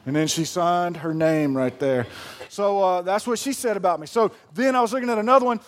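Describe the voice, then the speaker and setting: A man's voice: high-pitched, a little fast. A man, a pastor preaching a sermon in a folksy, joking storytelling way. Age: 30s.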